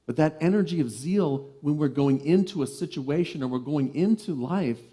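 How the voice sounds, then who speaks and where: A man giving a sermon as a reverend, animated and playful, telling lively stories. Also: on the high side, moderate pace, husky.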